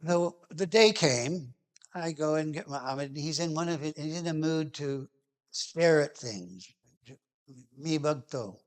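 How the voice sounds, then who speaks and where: Man, personal reminiscence, halting with restarts, soft trailing phrases, slightly higher voice. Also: lively intonation. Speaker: singer-songwriter telling a song's background.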